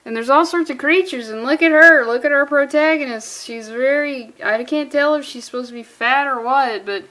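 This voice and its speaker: A woman's voice: high-pitched, normal speed, hardly any pauses, pushed and bright. A woman reviewing a comic book in a sarcastic, exasperated way, swearing freely and using valley-girl phrasing.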